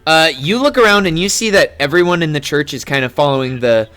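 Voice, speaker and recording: A man narrating as game master of a tabletop game, relaxed and descriptive. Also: fairly high pitch, fast talker. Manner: relaxed, descriptive, filler-heavy.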